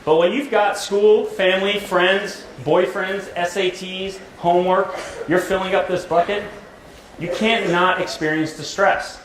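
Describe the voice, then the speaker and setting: A middle-aged American man with a fairly high voice gives a talk to high school students, loose and jokey, checking in with "right?" every few lines. He is recorded from a room microphone in a large school hall, so his voice rings with room echo over a faint murmur of ambience. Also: steady tone, measured pace, fairly bright tone, slight background noise. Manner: conversational, jokey, keeps asking "right?". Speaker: therapist giving a school talk.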